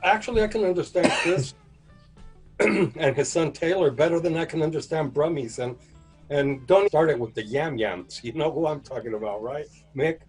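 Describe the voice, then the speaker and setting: Husky-voiced man telling anecdotes. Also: on the high side, normal speed, a little mellow, soft background music, rough recording. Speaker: guest, PR manager. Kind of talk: casual chat.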